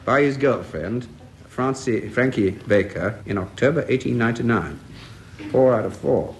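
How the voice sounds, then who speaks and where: A man hosting a radio panel quiz and reading verse aloud in a measured way, enjoying the quotations. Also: mid-range voice, lively intonation. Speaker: quiz host. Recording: faint hiss of an old radio tape. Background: studio audience laughter.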